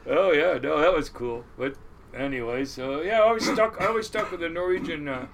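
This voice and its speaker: A middle-aged man who has captained crab boats for years tells rambling, swear-filled stories in a casual interview, laughing often. He talks fairly quickly in a fairly high voice, with background noise in the recording.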